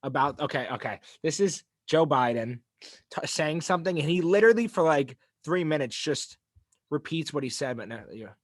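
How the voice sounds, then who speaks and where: A man's voice: a little high, expressive, moderate pace, dry recording, clean studio sound. A man co-hosting a casual podcast chat, rambling and self-mocking, often trailing off mid-thought. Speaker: podcast co-host.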